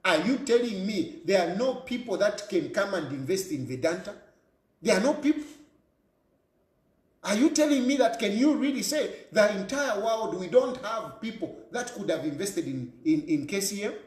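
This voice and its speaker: A fiery Zambian man delivers a heated political rant in a high, swooping voice that leaps up and down in pitch. He hammers home his points with repeated rhetorical questions, and the room around him sounds echoey. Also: expressive, normal speed, a little mellow. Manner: fiery, repetitive rhetorical questions, mixes local language into English. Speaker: political commentator. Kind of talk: impassioned political monologue.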